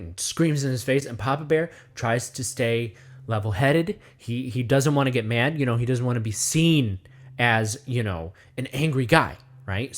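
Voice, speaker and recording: A man delivering a rambling satirical monologue, speaking of himself in the third person and firing off rhetorical questions. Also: medium pitch. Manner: acts out voices in quick asides. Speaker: comedy video essayist.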